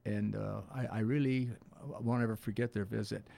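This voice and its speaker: A man's voice: fairly low pitch, steady tone, normal speed, vocal fry, warm tone. An older man hosting a radio talk show, chatting casually and rambling with many hesitations.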